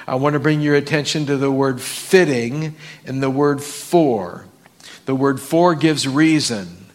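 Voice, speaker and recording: A man's voice: mid-range voice, unhurried. A man preaching a sermon, reading scripture aloud and asking the congregation questions. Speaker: pastor.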